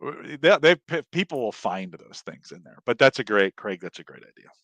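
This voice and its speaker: A man's voice: medium pitch, very animated, normal speed, fairly bright tone, dry recording. A man co-hosting a podcast in casual chat, easygoing, reading listener comments aloud and laughing often. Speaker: podcast co-host.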